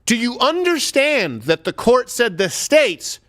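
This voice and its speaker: A man hosting a comedic political talk show, sarcastic and animated, shouting at times for emphasis. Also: very high-pitched, a little slow. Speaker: host.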